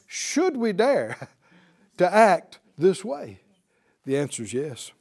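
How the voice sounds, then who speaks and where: A man's voice: high-pitched, huge pitch swings, slow, a little mellow. A man teaching a Bible class to students who answer him, speaking emphatically and quizzing them with questions.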